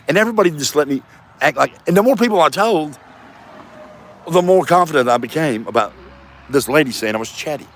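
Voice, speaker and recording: This fifty-something comedian vlogger talks fast in a voice on the high side, very animated and a little bright. Outdoors in his front yard, with traffic passing, he rambles, swears, and mocks himself on camera.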